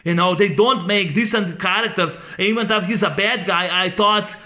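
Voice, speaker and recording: Rambling man with a bright voice. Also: high voice. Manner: rambling, halting, many fillers and restarts. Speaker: movie reviewer. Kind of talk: casual spoken film review.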